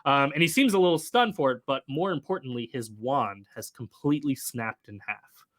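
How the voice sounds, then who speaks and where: Bright-voiced male game master, halting. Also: mid-range voice. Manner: halting, full of fillers and restarts. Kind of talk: narrating a tabletop game.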